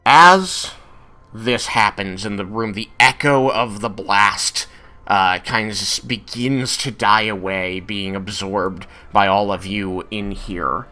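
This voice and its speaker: A man's voice: fairly low pitch, steady tone, slow pace, bright, forceful tone, faint music behind. A man narrating a tabletop game as game master, with many hesitant fillers.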